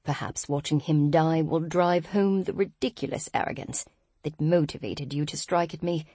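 Woman playing a sneering English villain, crisp, quiet menace, low voice, dry audiobook sound. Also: normal speed, dry recording. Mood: menacing. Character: cold, arrogant male guild boss.

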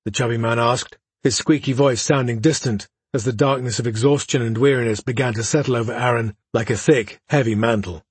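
Male audiobook narrator, measured storytelling, husky breathy voice, dry close recording. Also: mid-range voice, steady tone, no echo. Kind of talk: scripted narration.

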